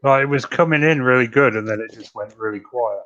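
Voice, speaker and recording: A man's voice: medium pitch, brisk, fairly bright tone. A man hosting a podcast, chatting casually and joking in a laid-back way. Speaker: podcast host. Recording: dull lo-fi audio.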